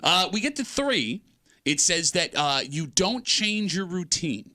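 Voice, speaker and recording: Lively bright-voiced male radio host. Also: high-pitched, a little slow. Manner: animated, joking, reads out list items. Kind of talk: casual radio talk show chat.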